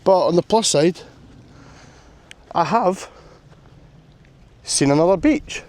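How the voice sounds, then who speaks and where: Man, vlogger, worn out outdoors, fairly high pitch, chatty and self-mocking. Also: animated, takes it slowly, pauses often, darkish tone, no echo. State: tired and sore from long walk. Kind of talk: walking vlog to camera. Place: outdoors on a coastal path.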